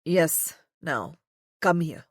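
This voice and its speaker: A woman voicing a stern, commanding man who speaks slowly and gives curt orders in an audiobook. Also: sits low, expressive, husky, no room sound, studio quality, pitched below the performer's own voice, exaggerated voice. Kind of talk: audiobook character voice.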